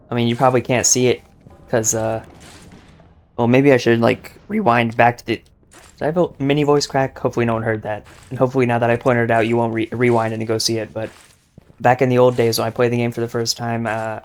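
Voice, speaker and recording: A young man giving casual, joking gameplay commentary, boastful and rambling with lots of filler words. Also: mid-range voice. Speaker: gaming YouTuber.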